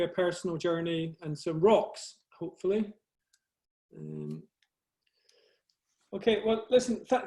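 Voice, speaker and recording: A middle-aged man from Scotland with a soft Scottish accent, giving a modest, conversational talk about his photography over a video call. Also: high voice. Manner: modest, conversational, self-deprecating. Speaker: guest speaker, photographer.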